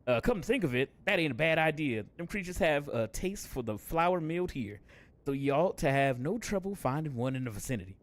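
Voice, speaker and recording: A man voicing a gruff, boastful male axeman who talks in a folksy, pirate-like way, reading game lines aloud. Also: on the high side, sing-song, a little fast. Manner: swaggering, folksy old-timey talk.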